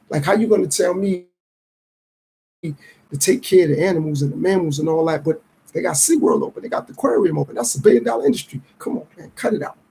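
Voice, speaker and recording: Casting: male podcast host, middle-aged, high-pitched, dark and raspy tone, streetwise musing. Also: rough recording. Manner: reflective, streetwise, acts out others' lines in quick voices. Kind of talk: casual podcast monologue.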